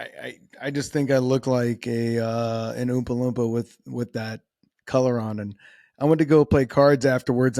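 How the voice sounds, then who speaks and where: A man's voice: medium pitch, darkish tone, no room sound, clean studio sound. A man hosting a solo podcast, talking casually in a rambling, self-deprecating way with frequent restarts. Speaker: podcast host.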